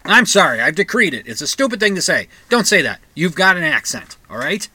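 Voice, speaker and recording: Bright-voiced man ranting on a talk show. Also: a little high, very animated, brisk, slight background noise. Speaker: radio show host. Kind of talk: casual monologue. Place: inside a comic book shop.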